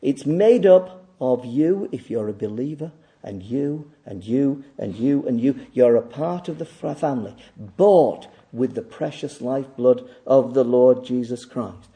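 A man preaching a sermon, emphatic and repetitive, swinging between loud declaiming and quiet asides. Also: mid-range voice, lively intonation, a little slow, hardly any pauses. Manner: emphatic, repeats phrases for stress. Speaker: pastor.

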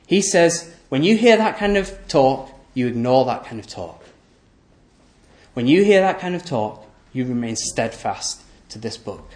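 A man preaching a sermon, emphatic and repetitive, asking rhetorical questions and letting his voice sink low and quiet at the ends of phrases. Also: very animated, measured pace, roomy sound. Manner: voice often drops low and soft at the end of phrases.

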